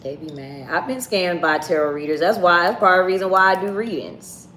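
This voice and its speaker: A woman with a low voice runs a live tarot stream, chatting with her viewers in a casual, blunt way. Her voice rings a little in an echoey room, with faint ambient noise underneath. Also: fairly quick, fairly bright tone. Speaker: tarot reader.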